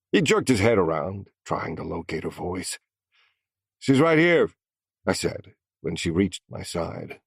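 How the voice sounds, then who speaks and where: A man's voice: low voice, creaky, husky, no room sound, studio quality. A man narrating a first-person crime story in scripted audiobook style, with a menacing, growling delivery.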